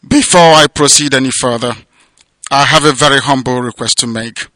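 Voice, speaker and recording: A man delivering an impassioned political radio address, declamatory and sermon-like, swinging between loud proclamations and hushed emotional passages. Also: mid-range voice, moderate pace, no echo. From southeastern Nigeria. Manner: repetitive, sermon-like cadence. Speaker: radio broadcaster and movement leader. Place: abroad, away from home.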